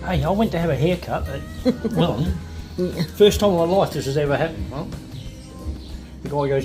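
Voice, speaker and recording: A man's voice: on the high side, lively intonation, moderate pace, pauses often. A man in his sixties telling a funny story over lunch in a casual, chatty way, acting out the voices he quotes and laughing as he goes. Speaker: family member at lunch. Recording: echoey room with loud music behind.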